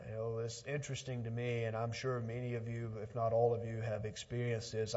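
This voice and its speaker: Guy pastor preaching slow, mid pitch, goes loud then real quiet, muffled church tape. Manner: swings from loud urgent emphasis to quiet, hushed lines; repeats words, with fillers and restarts. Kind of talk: sermon. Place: church sanctuary.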